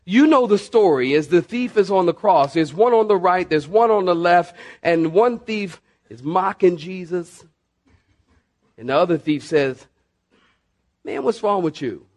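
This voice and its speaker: A middle-aged man, a pastor, preaching a sermon with emphatic repeats of "listen" and sudden shifts between rushing and slowing down. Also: high-pitched, animated, a little mellow. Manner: emphatic, repeats "listen" and "saints", varies pace sharply.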